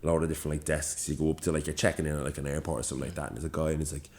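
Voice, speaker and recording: Brief: young Dublin man, low voice, lively sweary storyteller on a podcast. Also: racing. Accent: Dublin Irish. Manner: animated, sweary, acts out dialogue. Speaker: podcast co-host. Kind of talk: casual chat, storytelling.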